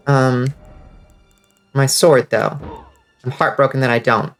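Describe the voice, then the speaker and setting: A man with a congested, stuffy voice giving casual, excitable commentary while playing a game and reading chat. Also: medium pitch, a little slow, pauses often, faint music behind. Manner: excitable, swears freely, reads out chat. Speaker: streamer.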